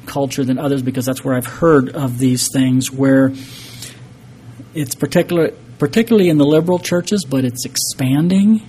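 A man delivers an earnest sermon with a mellow, warm tone and a slightly raised pitch. He preaches emphatically, pausing and restarting as he works through scripture. A faint hum of room ambience sits behind him. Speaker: pastor.

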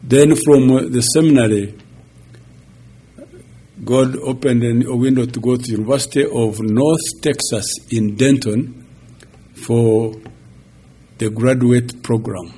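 A man in his sixties, a pastor giving a halting, chuckling personal testimony. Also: medium pitch, fairly even intonation, mellow, slightly rough. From Uganda. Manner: slow, halting storytelling with chuckles.

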